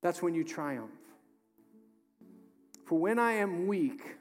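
A man, the pastor, preaching a sermon emphatically, moving between loud urging and hushed, slow delivery. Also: sits high, expressive. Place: church sanctuary. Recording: music under voice in a reverberant hall.

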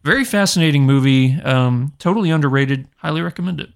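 A male podcast co-host in casual chat who stops and restarts a lot. His voice sits a little high and has a gravelly edge. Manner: halting, many "uh"s.

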